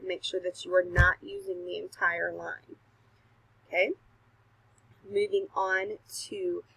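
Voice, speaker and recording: A woman teacher talks young children through letter sounds in a recorded home lesson, slow and patient with careful pauses. Her voice is bright but a little breathy, and the recording is dry and close. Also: mid-range voice, dry recording, poor audio. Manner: self-deprecating, laughs at her own slips. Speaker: kindergarten teacher. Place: home recording, not a classroom.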